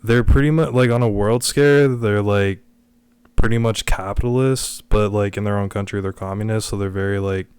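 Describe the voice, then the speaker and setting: A man's voice: lowish voice, steady tone, normal speed, darkish tone, clear, resonant tone, dry recording. A young man co-hosting a podcast in casual chat, crude and full of "like" fillers. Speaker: podcast co-host.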